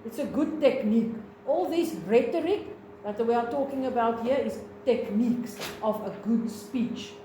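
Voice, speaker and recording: High-voiced South African woman teaching a class. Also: mellow, reverberant, slight background noise, poor audio. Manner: explains slowly, repeats points, asks the class questions. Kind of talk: classroom lesson.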